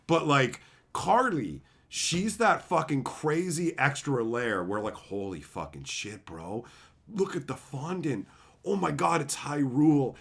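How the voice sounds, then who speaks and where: A man chatting casually with viewers on a live stream, profane, animated and openly emotional. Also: mid-range voice, measured pace, gravelly, husky.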